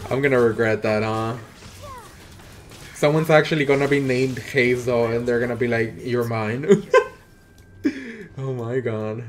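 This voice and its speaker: A man's voice: medium pitch, fairly even intonation. A man from Mexico with a Mexican accent, chatting casually and teasingly with viewers while streaming a game. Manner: playful, teasing banter with viewers, quick laughs, swearing. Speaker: live streamer. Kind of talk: casual gaming live-stream chat.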